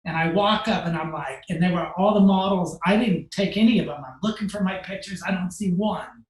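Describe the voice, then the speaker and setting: A man's voice: high voice, roomy sound, low-quality recording. A man from the United States telling a long personal story with animation, acting out other people's lines and whispering his inner thoughts, with many "like" fillers. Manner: acts out quotes, drops to a hush for inner thoughts; many "like" fillers, fast and emotional.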